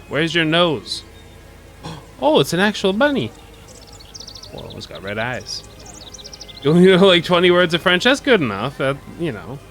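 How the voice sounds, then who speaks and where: A man's voice: a little high, a bit bright. Joking man commenting on gameplay. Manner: joking, curious, often laughing. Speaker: streamer.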